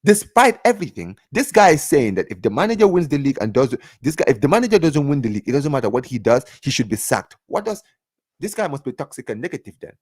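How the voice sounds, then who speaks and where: A fast-talking man with a medium-pitched voice hosts a live football reaction stream, ranting sarcastically and animatedly. He repeats himself, keeps saying "bro," and chats like a live fan reacting.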